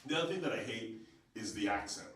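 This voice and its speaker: Fast-talking and low-voiced, a stand-up comedian from Uganda works a live comedy club audience. He tells animated stories, performs quoted voices, and engages in crowd work. The recording is roomy and distant, with audience noise throughout.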